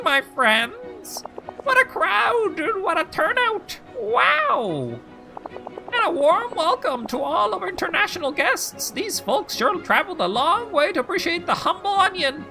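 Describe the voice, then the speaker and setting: A man's voice: extremely high pitch, creaky, sharp tone, voice pushed up, exaggerated voice, low-quality recording. A man voicing a cheery, pompous female town mayor, giving a showy festival speech with corny jokes while reading a video game's dialogue.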